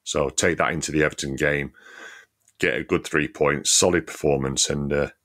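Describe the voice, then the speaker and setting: A man's voice: a bass voice, steady tone, moderate pace, fairly bright tone. A man co-hosting a casual football podcast, talking in an easygoing way with many fillers and frequent laughs. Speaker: podcast co-host, former player.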